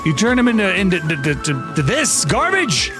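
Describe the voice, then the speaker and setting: A man in his thirties talks through a live game stream with exasperated, playfully dramatic energy. His fairly high voice swoops widely as he rants. Loud music plays behind him the whole time. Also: very animated, moderate pace. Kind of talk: live gaming stream chat. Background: loud music playing.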